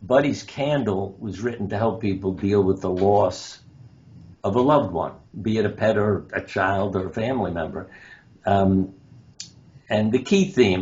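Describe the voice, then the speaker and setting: A man's voice: fairly low pitch, moderate pace, a little mellow. A man who is a surgeon and author, telling stories as an interview guest and acting out the quoted lines. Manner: anecdotal, acts out quoted lines. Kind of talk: interview storytelling. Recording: dull lo-fi sound with faint noise.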